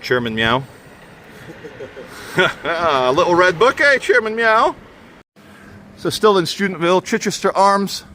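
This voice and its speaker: English male vlogger, walking outdoors, wry mocking street commentary, a touch high, faint traffic behind. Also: lively intonation, measured pace, long pauses, sharp tone. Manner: jokey, mocking, chatty asides to viewers.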